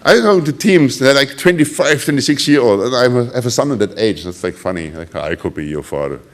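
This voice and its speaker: A man's voice: mid-range voice, a little fast. A middle-aged man with a German accent giving a conference talk, telling ironic stories and acting out the quoted voices of others. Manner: animated, ironic storytelling with acted quotes. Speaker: conference speaker.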